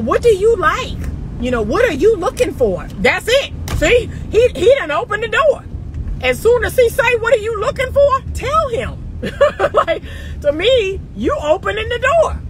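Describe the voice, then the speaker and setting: A woman with a high voice speaks from inside a car, with noise in the background. She's a relationship coach giving casual advice straight to her viewers, emphatic and laughing often.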